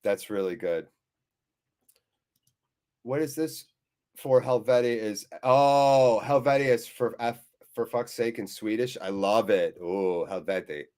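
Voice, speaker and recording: A man's voice: mid-range voice, a little slow, long pauses, darkish tone. A man hosting a live fan watchalong, reading viewers' chat aloud with jokey swearing and a weary, deflated tone.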